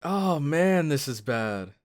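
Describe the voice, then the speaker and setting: An excitable man reacting to something as it plays, his pitch leaping and falling all over the place. He talks in an unhurried way, thinks out loud with plenty of fillers, and now and then bursts into loud exclamations. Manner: thinks aloud with many fillers. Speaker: anime reaction host. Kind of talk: casual reaction commentary.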